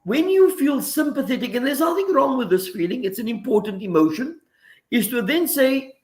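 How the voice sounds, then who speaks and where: Earnest high-voiced man giving commentary. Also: very animated, moderate pace, darkish tone. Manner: earnest, preacherly, gives examples, uses Arabic phrases. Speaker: regular guest commentator. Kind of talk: radio talk segment, reflective commentary.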